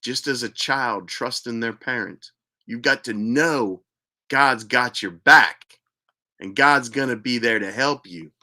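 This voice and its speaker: A man hosting his own show, preaching in a slow, repetitive, emphatic cadence. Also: mid-range voice, pushed and bright. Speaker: host. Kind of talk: preaching monologue.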